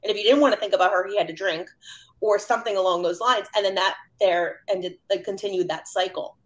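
A woman joins a casual panel discussion and talks in an animated rush. She piles up quick asides and fillers as her thoughts run on. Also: medium pitch. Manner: animated, rapid asides with many "like"s. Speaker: counselor panelist.

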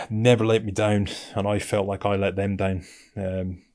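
A man's voice: fairly low pitch, little pitch movement, a little slow, a little mellow. A middle-aged British man, a military veteran, telling his story in a blunt, casual way and calling the listener "mate". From Britain. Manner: blunt, conversational, keeps saying "mate".

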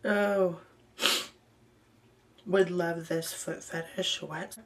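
A woman with a low-pitched voice and an unhurried pace reads messages aloud in a casual vlog. She answers them with dry, amused asides, breaking off into ums and quiet laughs. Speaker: vlogger.

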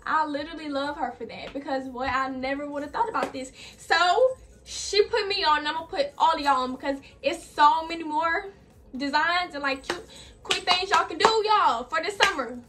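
A woman's voice: sits high, moderate pace, a bit bright, a little hiss or hum. A young woman vlogger, chatty and a bit out of breath, talking through a clothing DIY tutorial with lots of "like" and "y'all". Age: young adult. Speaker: fashion vlogger. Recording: from a distance off the mic, faint music behind.

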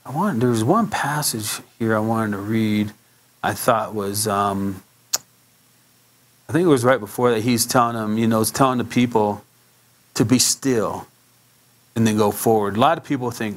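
Pastor guy preaching like he's just telling you a story, trips over words some, mid pitched voice. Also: moderate pace. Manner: leaps much higher when acting out quotes; stumbles and repeats words. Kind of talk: sermon.

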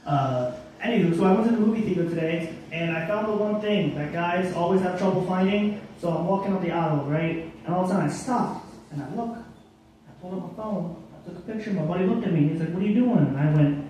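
Young guy doing open mic standup, lots of ums, kinda high voice, far off mic, faint hum behind. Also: warm tone. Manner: halting, full of ums, self-deprecating. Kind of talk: stand-up comedy. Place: bar stage at open mic night. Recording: echoey room, far from mic, faint noise.

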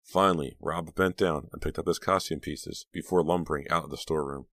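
Very deep-voiced male audiobook narrator. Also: fairly even intonation, fairly quick, fairly bright tone, no echo, clean studio sound. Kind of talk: scripted narration.

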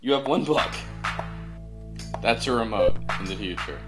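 A man's voice: fairly low pitch, animated, normal speed. Sarcastic man riffing on a game. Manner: sarcastic, joking. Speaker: let's play commentator. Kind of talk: comedic riffing commentary. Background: game music.

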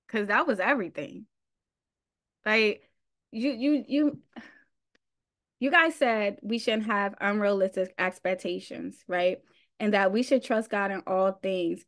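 A woman's voice: a little high, pushed and bright. A woman leading a faith panel, speaking fervently in a preacherly way and often saying "like". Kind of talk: faith-based panel talk. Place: event stage.

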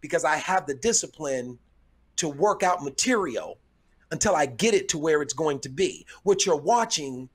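A man's voice: a little high, lively intonation, moderate pace, slightly rough. A middle-aged man, a comedian guesting on a podcast, telling stories thoughtfully and repeating words as he gathers his thoughts. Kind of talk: casual chat, storytelling.

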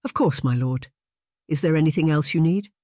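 A narrator voicing a worried, deferential household maid who speaks in a hushed, hesitant way. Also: female voice, deep voice, moderate pace, dry recording, clean studio sound, natural voice.

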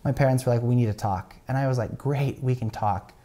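A young man speaks on a podcast in a mellow, warm tone as he tells a family story. He is chatty and animated, and his speech is full of fillers and quick restarts. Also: mid-range voice. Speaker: podcast guest. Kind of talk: casual storytelling.

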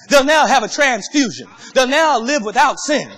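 High, bright-voiced preaching pastor. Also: male voice, big pitch swings, unhurried, long reverb tail. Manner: impassioned preaching, rising to shouts. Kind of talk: sermon.

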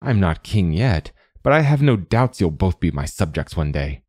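A man with a low voice reading the part of a proud, ambitious young novice monk who tries to sound light under pressure. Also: sing-song, normal speed, darkish tone, husky, no room sound, clean studio sound, exaggerated voice. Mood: lightly defiant.

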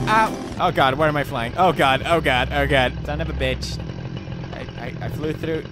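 A young man in his twenties giving loud, goofy, swearing commentary while he plays a game. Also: on the high side, normal speed. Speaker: gaming video host. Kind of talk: gameplay commentary. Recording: game music in the background.

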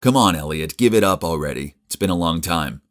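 A man's voice: low voice, animated, fairly quick, a bit bright. A man voicing a blunt young man who is fed up with his ex and speaks firmly.

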